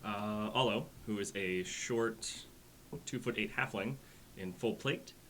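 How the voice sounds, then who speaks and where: A man's voice: fairly low pitch, slow pace, a bit bright, slight background noise. A man playing a tabletop game, giving dry, short replies. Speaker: player.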